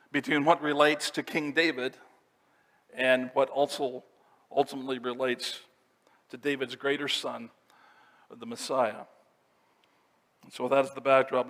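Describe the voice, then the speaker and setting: A pastor giving a sermon, explaining scripture verse by verse in a teaching manner. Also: male voice, medium pitch, a bit bright. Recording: long reverb of a church hall.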